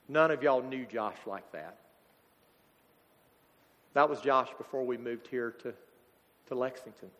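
A man, preaching a sermon as a pastor, halting and emotional as a grieving father. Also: medium pitch, fairly bright tone. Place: church sanctuary. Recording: church hall reverb.

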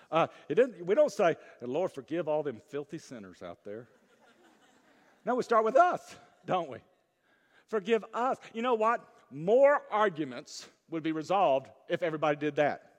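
A fervent male pastor with a fairly high voice preaches in a church hall, his words trailing off in a long echo. He drives toward loud, urgent peaks, then drops to quiet asides and puts questions to the congregation. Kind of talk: sermon.

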